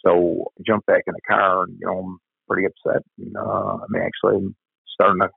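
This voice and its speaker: A man's voice: low voice, flat delivery, fairly quick, creaky, slightly rough, dry recording. An older man, a former cop telling a story bluntly, with some swearing. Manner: blunt, profane. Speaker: retired police officer. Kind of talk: storytelling interview. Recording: tinny phone-like line.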